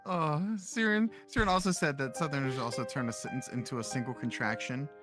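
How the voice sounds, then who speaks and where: A streamer from the United States with a Southern US accent, chatting casually and reacting with quick laughs. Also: mid-range voice, music in the background. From USA. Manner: reactive, laughing often, short interjections. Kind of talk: casual chat over a game stream.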